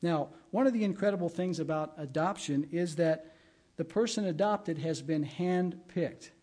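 A man's voice: fairly high pitch, normal speed, mellow. A middle-aged man, a pastor, giving a sermon in a conversational way and weaving in personal stories. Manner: conversational preaching with personal anecdotes.

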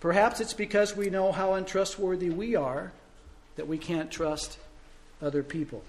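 Pastor guy preaching, tells stories, asks the crowd questions, kinda high voice. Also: fairly even intonation, normal speed. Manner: storytelling, rhetorical questions, swings loud and soft. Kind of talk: sermon.

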